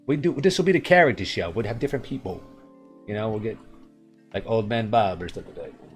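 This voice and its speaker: Rambling live-coding man, lowish voice, faint music under him. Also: animated, fast talker. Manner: rambling, thinks aloud, chuckles at himself. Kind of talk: casual coding chat.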